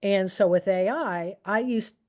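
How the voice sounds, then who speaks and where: Talking a little slowly in a darkish, mid-range voice, a middle-aged woman chats informally with a group about aging and technology. Her delivery is anecdotal and conversational, full of fillers and restarts.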